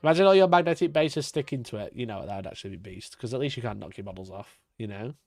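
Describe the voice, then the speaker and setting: A man's voice: medium pitch, lively intonation, fast talker, vocal fry, a little mellow, dry recording, soft background music. Sweary, laughing male streamer, dry sound. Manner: sweary, laughs often, talks to his cat. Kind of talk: casual live-stream chat.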